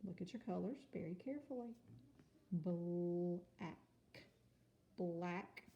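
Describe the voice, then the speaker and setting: A woman teaching a kindergarten home-learning lesson, speaking slowly and carefully and sounding out words for young children. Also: on the low side, mellow, dull audio. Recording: echoey room with faint noise.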